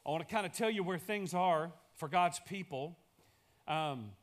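A man's voice: a little high, moderate pace. A male pastor delivering a sermon in a church, building emphasis through repeated phrases.

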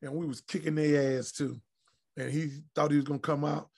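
Gravelly, husky-voiced man telling blunt stories. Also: fairly high pitch, a little fast. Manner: profane, blunt, animated anecdotes. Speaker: retired pro basketball player, guest. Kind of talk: casual storytelling interview.

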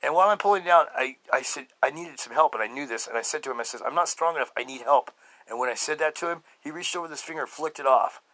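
Middle-aged guy rambling fast about his own story, gets loud then goes real quiet, dry sound. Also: animated, dry recording, rough recording. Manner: emphatic, swings between loud outbursts and low murmurs. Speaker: podcast host. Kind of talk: personal testimony monologue.

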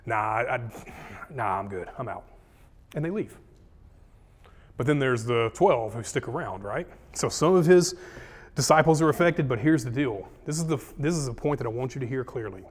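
Man, casual Bible study teacher, folksy paraphrasing, mid-pitched voice, reverberant hall. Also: lively intonation, normal speed. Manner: folksy, paraphrases scripture in slangy speech.

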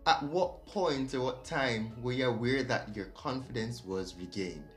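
A man's voice: mid-range voice, a little slow, reverberant, faint music behind. A man hosting an interview, asking questions and answering with short, supportive affirmations. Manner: supportive, answers with brief amens. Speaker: podcast host.

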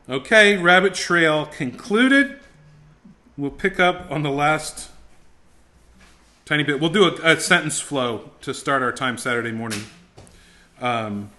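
A middle-aged man teaches a ministry school class on preaching in a medium-pitched, bright, forceful voice. He is intense and emphatic, building to fervent exhortation, and often repeats words as he restarts his sentences.

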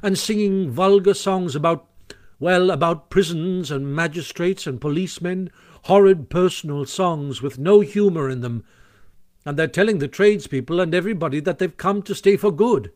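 A man's voice: on the high side, moderate pace, a little mellow, lightly acted. A man voicing a sensible, fretful male water rat in an audiobook reading, earnest and warning. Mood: gossipy. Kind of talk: audiobook character voice.

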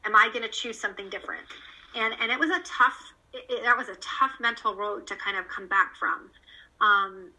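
Female interview guest, a mother; earnest, animated, loose with fillers; bright, tense tone. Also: mid-range voice, moderate pace, low-quality recording. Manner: earnest, animated storyteller with many fillers and restarts. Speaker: guest, parent of a child cancer survivor. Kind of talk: candid conversational interview.

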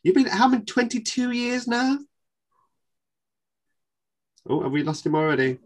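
A man's voice: very high-pitched, sing-song, fast. A man with a Northern English accent hosting a casual panel chat about theatre, chatty and laughing easily. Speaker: podcast host.

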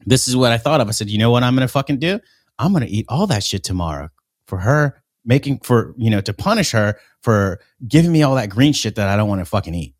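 A man's voice: medium pitch, sing-song, quick pace, no echo, studio quality. A man on a casual podcast, telling long rambling stories full of profanity.

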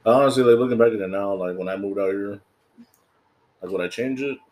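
Blunt, foul-mouthed man with a lowish voice. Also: a little fast, darkish tone. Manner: blunt, heavy swearing, ranting. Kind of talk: casual chat.

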